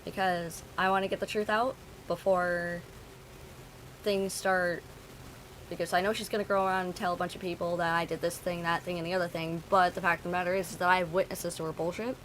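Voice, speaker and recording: A woman's voice: fairly low pitch, flat delivery, a little fast, fairly bright tone, a little hiss or hum, low-quality recording. A woman streamer talking to her chat, venting bluntly and swearing freely. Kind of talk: casual talk to stream chat.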